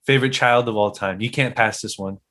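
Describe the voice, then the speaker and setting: A young man co-hosting a casual podcast, asking quick questions in a playful, teasing way. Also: fairly low pitch, bright, forceful tone. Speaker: podcast co-host.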